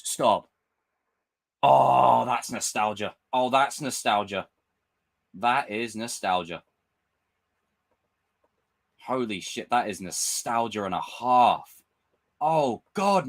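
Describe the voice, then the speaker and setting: Animated man ranting on a stream. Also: mid-range voice, takes it slowly, vocal fry, pauses often. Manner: animated, swearing, ranting fan. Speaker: live stream host. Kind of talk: casual live stream chat. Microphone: desk mic with camera.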